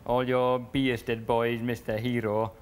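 Young man reading a letter flatly. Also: medium pitch, clean tone. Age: young adult. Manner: flat, halting, stumbles over words. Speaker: reality show contestant.

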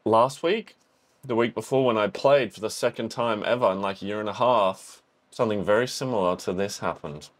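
A young man and college volleyball player giving casual reaction commentary, swearing a lot, with slangy talk and sudden yelps and shouts. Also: lowish voice, fairly quick. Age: young adult. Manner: slangy, calls the viewer bro and dog.

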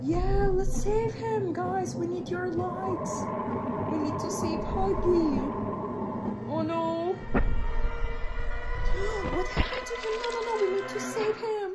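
Pomni, a high, gasping jester girl voiced by a woman. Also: takes it slowly, pauses often, low-quality recording. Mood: excitable. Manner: gasping, exclaiming, easily scared. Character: young woman jester, anxious and excitable. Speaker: reaction video host. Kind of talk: character reaction commentary. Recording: loud background music.

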